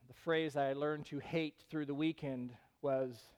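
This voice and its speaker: A male pastor delivers a sermon in a high, smooth, resonant voice. He preaches in an animated way and rises into loud, emphatic bursts. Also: a little slow, few pauses.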